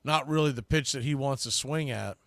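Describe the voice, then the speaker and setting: A man calling baseball play-by-play for a live stream watch party, talking through game strategy and getting louder on the big pitches. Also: fairly quick, creaky, no echo. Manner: conversational, analytical, bursts louder on big pitches. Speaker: play-by-play announcer.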